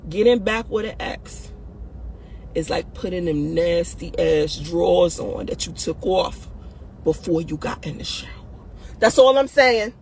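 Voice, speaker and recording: A woman's voice: fairly low pitch, animated, measured pace, creaky, a little mellow, a little hiss or hum. A woman hosting a video, giving dating advice in blunt, profane casual talk, laughing often and tossing "listen" and "right?" at her audience.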